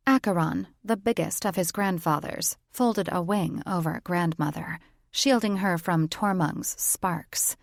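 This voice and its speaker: A woman narrating a fantasy audiobook in an even, deliberate, scripted style on a close mic. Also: on the low side, gravelly, dry recording.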